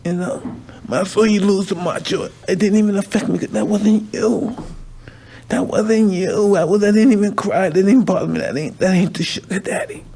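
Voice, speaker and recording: A man's voice: high-pitched, fairly even intonation, normal speed, creaky, warm tone, slight background noise. A man hosting a conversation, talking intensely and emotionally, repeating himself and swearing, at times crying. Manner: intense, emotional, repetitive, profane. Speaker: podcast host.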